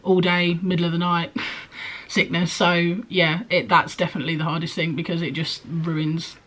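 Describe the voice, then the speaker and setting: A woman's voice: lowish voice, little pitch movement, moderate pace, a bit bright. A young woman, pregnant, chatting casually in a rambling way, with frequent ums and likes, as she answers questions for her vlog. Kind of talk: casual chat.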